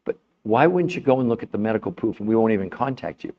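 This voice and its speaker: A middle-aged man giving an impassioned health talk, blunt and fired up, swearing at times and turning soft and emotional. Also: lowish voice, lively intonation, fast talker. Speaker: health presenter. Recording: slightly dull lo-fi sound.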